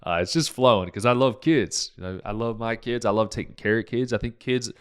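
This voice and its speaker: A man's voice: mid-range voice, fairly quick, clear, resonant tone. A man hosting his own show as a naturopathic doctor, ranting in a fired-up way, swearing freely and jumping from point to point. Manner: jumps between topics, many restarts. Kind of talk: podcast monologue.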